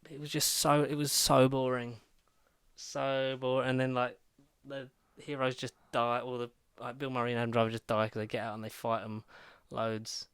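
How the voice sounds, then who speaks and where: A man chatting on a podcast, recapping a film in long, rambling runs full of asides. His voice is smooth and resonant, recorded close and dry with no room sound. He sits at a middling pitch. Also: no echo. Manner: rambling, animated retelling with quick asides. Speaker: podcast co-host reviewing films. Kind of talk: casual chat.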